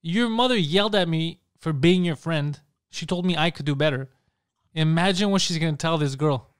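A man with a fairly high voice teases and grills a guest in profane podcast banter, laughing a lot. The recording is dry and close. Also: moderate pace, smooth, no room sound. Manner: teasing, interrogating, laughs a lot. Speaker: podcast host. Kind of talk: crude casual banter.

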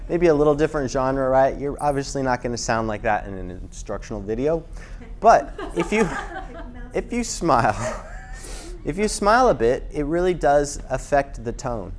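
A man's voice: mid-range voice, expressive, moderate pace. A man teaching voiceover tips in a loose, casual talk with restarts.

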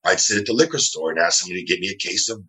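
A New Jersey wrestling referee, appearing as a guest, tells rambling stories from his home over a video call, imitating the voices of the people he quotes. His voice is low and sharp, and he talks in rapid bursts. It's a casual, storytelling interview.

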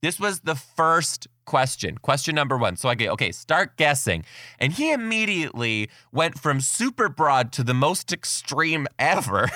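A man hosting his podcast and telling classroom stories as a kindergarten teacher, chatty and excitable, laughing often. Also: on the high side, moderate pace, no echo. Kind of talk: casual storytelling monologue.

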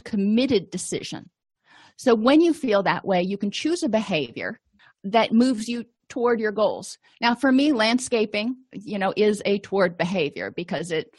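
Using examples to explain things, a middle-aged counselor teaches conversationally in this recorded lecture. She has a mid-range voice, and the recording is close and dry.

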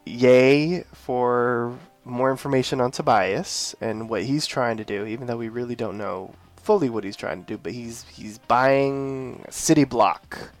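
A man's voice: mid-range voice, unhurried, hardly any pauses, faint music behind. A man co-hosting a podcast in casual chat, enthusiastic and playfully teasing. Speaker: podcast co-host.

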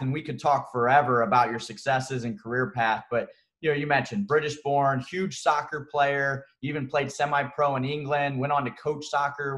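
A man's voice: fairly high pitch, fairly bright tone. A man hosting an interview, asking long casual questions with many fillers. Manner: conversational, filler-heavy questions. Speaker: podcast host.

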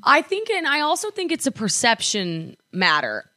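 Young female podcast co-host, crisp and bright, rambling casual chat in a dry room. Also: a little high, wildly swooping pitch, normal speed, no room sound. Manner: chatty, lots of likes and restarts. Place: apartment.

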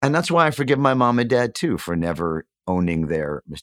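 A man in his fifties from New York, a guest in a candid interview, telling his story earnestly and reflectively with animated emphasis. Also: lowish voice, fairly quick, dry recording, studio quality. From New York, USA. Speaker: podcast guest.

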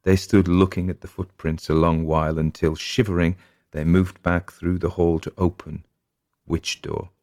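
A man narrating a short story aloud in a measured, atmospheric way. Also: sits low, level tone, a little mellow, dry recording, studio quality.

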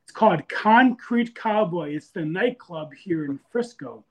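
A man's voice: high voice, animated, a little slow, darkish tone. A man calling into a podcast, chatting in a laid-back, easygoing way. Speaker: caller. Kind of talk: casual call-in chat.

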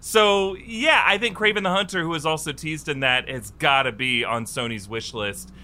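A man hosts a casual pop-culture panel, his voice very bright and a little high. He jokes and laughs easily as he introduces guests and topics. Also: moderate pace, a little hiss or hum. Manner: jokey, laughs often. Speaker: host.

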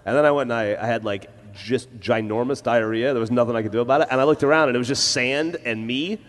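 A man telling a rambling comic story as co-host at a live podcast. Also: mid-range voice. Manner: rambling comic anecdote, quick. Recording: live hall with reverb and hiss.

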